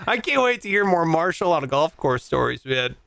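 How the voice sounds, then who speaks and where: A man's voice: a little high, very animated, a little fast, gravelly, a bit bright, clean tone, no room sound. A young man hosting a casual comedy podcast, loose and joking, swearing and laughing as he talks. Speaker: podcast host.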